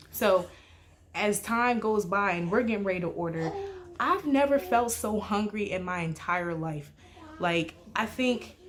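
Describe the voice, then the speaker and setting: A young woman telling a casual, animated story with lots of slang and filler "like"s. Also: fairly low pitch. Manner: slangy, animated, heavy use of "like". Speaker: storytime vlogger.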